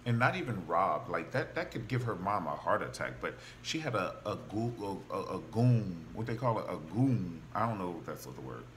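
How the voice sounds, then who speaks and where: Animated, gossipy man recapping a TV show. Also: low voice, fairly quick, few pauses, a little hiss or hum. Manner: animated and gossipy, acts out quotes of characters. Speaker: TV show reviewer. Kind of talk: casual recap and commentary.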